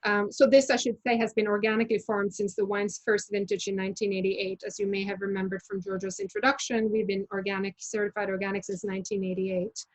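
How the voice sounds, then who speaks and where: A woman's voice: mid-range voice, quick pace, few pauses, rough recording. A woman in the middle of her range guides a wine tasting over a video call. She talks in a loose, chatty way, full of fillers and small restarts as she explains. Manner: chatty, many fillers and self-corrections. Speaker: winery representative leading a tasting. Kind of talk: casual presentation on a video call.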